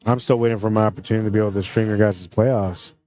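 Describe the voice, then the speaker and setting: A Canadian man calls live play-by-play for a pool tournament stream in a fairly low, warm, mellow voice. He's relaxed and friendly, unhurried in his delivery, and greets chat viewers between shots as the match unfolds.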